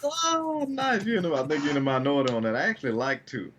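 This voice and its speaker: A man co-hosting a podcast, talking in a halting way full of fillers and trailing off. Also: mid-range voice, lively intonation, noisy background. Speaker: podcast co-host. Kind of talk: casual chat.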